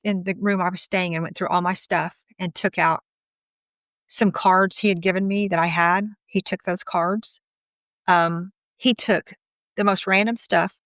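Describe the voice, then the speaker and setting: A woman's voice: on the low side, fairly bright tone, smooth, no echo. Middle-aged woman, candid and chatty storyteller, acts out quotes, dry close sound. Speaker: guest telling her story. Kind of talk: personal storytelling.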